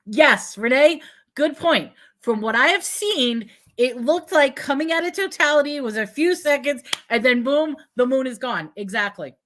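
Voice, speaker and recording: High-voiced woman hosting a casual chat. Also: moderate pace. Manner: animated, questioning, puts on a cutesy sing-song for props. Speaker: host. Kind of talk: casual live-stream chat.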